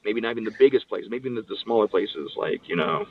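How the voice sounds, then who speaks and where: This interview guest, a pro wrestler, talks fast in a fairly low voice, with slight background noise on a distant, phone-like line. He tells stories casually and animatedly, voicing the words of other people.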